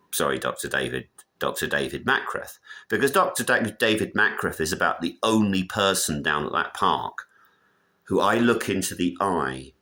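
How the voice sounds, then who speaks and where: A man's voice: low-pitched, sharp tone. A man delivering a blunt, opinionated monologue that wanders from point to point. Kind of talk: casual rambling monologue.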